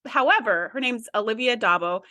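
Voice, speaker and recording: Woman, podcast co-host, bright tense tone, dry close sound, chatty casual talk. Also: on the high side, expressive, fairly quick, dry recording. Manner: chatty, reflective, agreeable. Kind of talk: casual chat.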